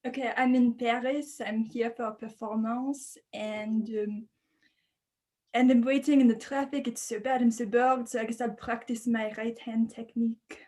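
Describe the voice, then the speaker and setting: Young woman contestant, high-pitched, giggly, self-mocking, on a video call. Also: fairly even intonation, normal speed, dark tone. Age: young adult. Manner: giggly, self-mocking, puts on a wandering fake accent. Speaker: game show contestant. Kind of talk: casual improvised impressions.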